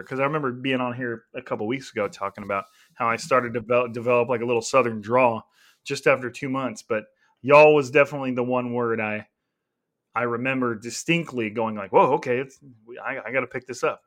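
A man's voice: mid-range voice, steady tone, brisk, fairly bright tone. A man from California hosting a casual sports podcast, chatty and laughing often, with plenty of filler words. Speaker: podcast host.

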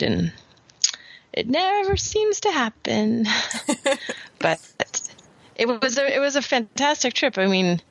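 A woman's voice: fairly high pitch, very animated, a little slow, dry recording, muffled recording. A woman co-hosting a podcast in casual chat, sick and losing her voice, talking in a chatty way with restarts. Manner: chatty, with frequent restarts and laughs. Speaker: podcast co-host.

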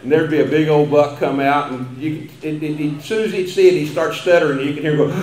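A man's voice: a little high, fairly quick. Folksy Texan man in an echoey hall. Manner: folksy storytelling with chuckles. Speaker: after-dinner speaker. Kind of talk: humorous banquet speech. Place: banquet hall.

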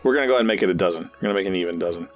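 A man's voice: low voice, rapid-fire, a loud crowd. A man narrating a tabletop game as game master, rambling with many restarts.

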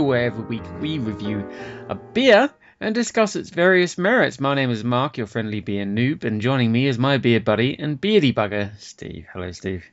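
A man's voice: mid-range voice, very animated, normal speed, faint music behind. A man hosting a casual beer podcast, joking and swearing lightly in banter with his co-host. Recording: dull lo-fi podcast audio.

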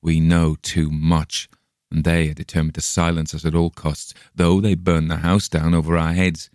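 A man's voice: very deep voice, level tone, normal speed, darkish tone, no room sound, studio quality. A man reading an audiobook voices a companion who wakes from a stupor and turns urgent, in a raised, strained voice. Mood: grim. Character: German traveller, delirious then urgent and defiant.

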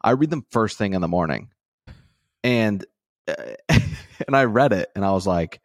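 A man in his thirties with a very low voice co-hosts a casual sports podcast. He rambles and pokes fun at himself, filling his talk with ums and likes. The sound is dry and close to the mic. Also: normal speed, dry recording. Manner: rambling, self-deprecating, many fillers. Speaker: podcast co-host.

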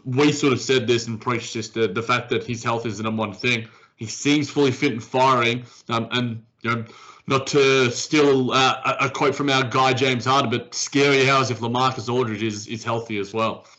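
A man's voice: medium pitch, steady tone, moderate pace, bright, forceful tone, lo-fi sound. A man co-hosting a casual basketball podcast, rambling with frequent restarts. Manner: rambling, many restarts and fillers. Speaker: podcast co-host. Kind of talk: casual sports chat.

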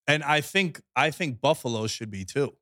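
A man's voice: medium pitch, lively intonation, normal speed, sharp tone, no echo, clean studio sound. A man co-hosting a casual sports chat, loose and slangy in his talk. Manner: loose and slangy, says yo, dude, bro. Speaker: co-host.

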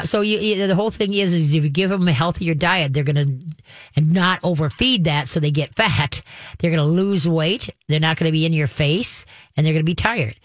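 A man's voice: on the high side, no echo, clean studio sound. A man hosting a call-in radio show on pet advice, talking in a folksy, rambling way with many fillers and restarts. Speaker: radio pet expert host.

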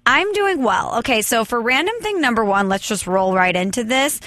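Young podcast host, woman, bright and eager storyteller, dry mic. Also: fairly high pitch, animated, normal speed, no room sound. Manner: enthusiastic, talkative storyteller. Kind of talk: casual chat.

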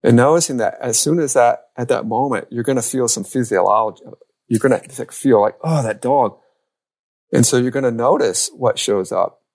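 A man who works as a youth and family coach, talking on a podcast as a lively storyteller who acts out quoted lines. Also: mid-range voice, fairly quick, vocal fry. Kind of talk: podcast conversation.

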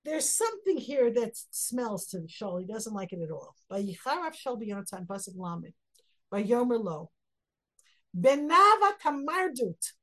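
Woman teacher, fairly high, very animated voice, leading a text study class. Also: a little slow. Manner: reads Hebrew verses then explains, acts out quotes with rising emphasis. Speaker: Torah teacher.

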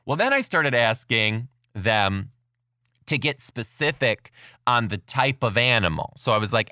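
A man hosting his podcast and telling classroom stories as a kindergarten teacher, chatty and excitable, laughing often. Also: mid-range voice, unhurried, no room sound, clean studio sound. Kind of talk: casual storytelling monologue.

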